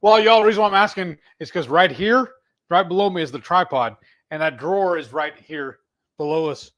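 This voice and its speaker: A man's voice: a little high, a little fast, fairly bright tone. A man co-hosting a live cooking stream, bantering in a laid-back, teasing way. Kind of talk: casual live cook-along chat.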